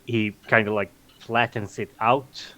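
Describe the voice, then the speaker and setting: Stammering man with a low voice. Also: little pitch movement, unhurried, pushed and bright, poor audio. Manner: stammering, restarts a lot. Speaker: player. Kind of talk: casual game chat.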